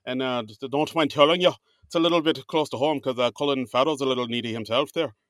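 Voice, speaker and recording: A man's voice: medium pitch, quick pace, a bit bright, dry recording, clean studio sound, natural voice. A man putting on a wry Irish actor. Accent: Irish, put on. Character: chatty middle-aged Irish actor, wry.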